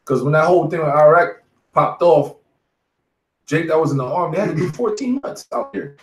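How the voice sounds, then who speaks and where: Leading a street Bible study, a man around forty speaks a little fast in a slightly high voice. He's emphatic and profane, casually preaching and recounting war stories, and says "man" after nearly every phrase. Echo fills the room.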